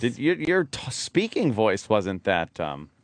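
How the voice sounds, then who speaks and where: A man's voice: fairly low pitch, wildly swooping pitch, takes it slowly. A man hosting a radio show in casual talk, teasing and bantering with laughter. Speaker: radio host.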